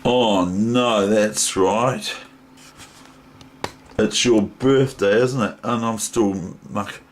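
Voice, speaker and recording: A man's voice: on the low side, extremely slow, slight background noise, rough recording. An older man with a New Zealand accent, a chess teacher rambling casually and chatting to his toys with many ums. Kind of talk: casual vlog chat.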